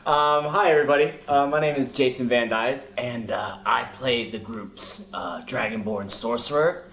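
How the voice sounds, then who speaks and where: A man's voice: mid-range voice, normal speed, fairly bright tone, slight background noise. A man introducing himself as a tabletop player, hesitant and full of small fillers. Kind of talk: casual chat. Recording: roomy echo.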